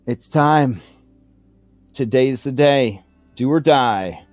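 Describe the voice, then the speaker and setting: A man's voice: mid-range voice, slow pace, darkish tone, dry recording, soft background music, lightly acted. A man voicing an upbeat young woman adventurer in a tabletop game, close on a dry mic. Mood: pumped up.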